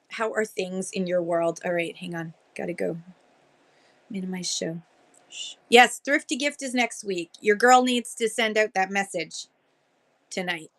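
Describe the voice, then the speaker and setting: Bubbly woman hosting a livestream. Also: a bit bright. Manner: bubbly, greets viewers by name, pitch jumps up on greetings. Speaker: livestream host greeting sellers. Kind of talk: casual livestream chat.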